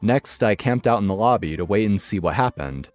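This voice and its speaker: Man, low voice, story narrator, steady scripted read, dry close mic. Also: a little fast, no room sound, faint music behind. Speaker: narrator of online stories.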